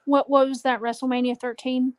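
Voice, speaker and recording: A woman co-hosting a wrestling watch-along, with a high, light voice. She chats casually, dropping in questions and bits of trivia between the calls. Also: level tone, fairly quick. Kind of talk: casual chat.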